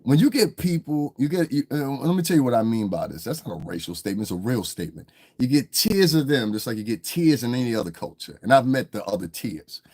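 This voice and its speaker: A man's voice: medium pitch, expressive, fast, darkish tone, breathy edge. A man in a casual livestream rant, talking in a blunt, heated, profane way as the show's commentator.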